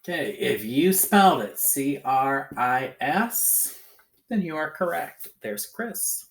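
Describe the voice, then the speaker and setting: A man teaching a recorded phonics lesson to children, talking in a slow, sing-song way and checking in often with the listener. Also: mid-range voice, sing-song. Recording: echoey room.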